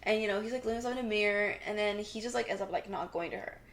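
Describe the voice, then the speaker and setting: Medium in pitch and very fast, a young woman's voice recaps a TV episode for a podcast she co-hosts. She's animated and casual, mimicking the characters' lines and saying "like" a lot.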